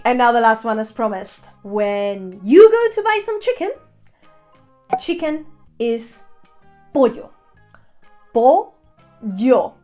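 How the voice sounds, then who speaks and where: High, lively, playful woman teaching. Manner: playful, theatrical, laughs often. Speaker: Spanish teacher. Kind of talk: online language lesson.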